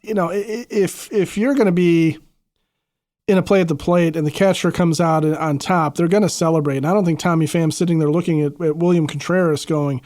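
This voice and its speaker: A man co-hosting a sports podcast, talking casually in a measured way with small restarts. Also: on the high side, steady tone, a little mellow, no echo, studio quality. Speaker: podcast co-host.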